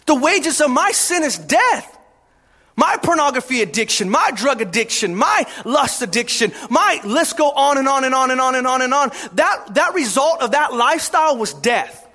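Middle-aged male pastor, impassioned sermon delivery, high and bright, shouts to drive points home. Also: very animated, moderate pace. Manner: impassioned, often shouting for emphasis.

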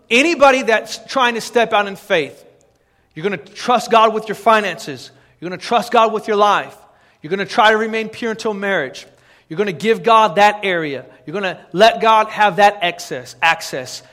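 A man preaching a sermon as pastor, building into impassioned, shouted exhortation. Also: sits high, normal speed. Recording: long reverb of a large hall.

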